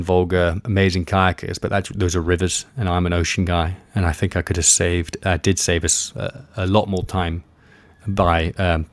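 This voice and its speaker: A man with a very low voice tells expedition stories in a loose, rambling way, full of fillers and restarts. The sound is dry and close, with no room around him. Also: no echo. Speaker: guest, expedition kayaker. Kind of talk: casual interview storytelling.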